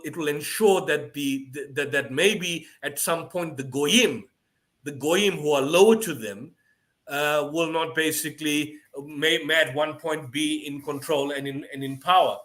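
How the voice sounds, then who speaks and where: Emphatic man with a bright voice. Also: a little high. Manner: emphatic, argumentative, with frequent restarts. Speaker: co-host. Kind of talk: debate stream talk.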